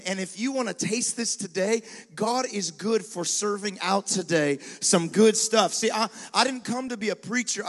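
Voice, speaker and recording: Preaching to a live congregation in a large venue, a male pastor with a high-sitting voice keeps his sermon lively and conversational. He tosses in quick acted asides and dares the crowd, and long hall reverb trails behind him.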